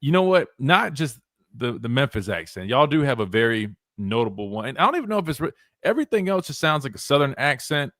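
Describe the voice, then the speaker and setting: A man's voice: mid-range voice, fast, no room sound, studio quality. A young man hosting a live sports radio show, chatting casually and rambling with lots of restarts. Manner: rambling, animated, lots of restarts and "wait, hold on". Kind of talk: casual talk radio chat.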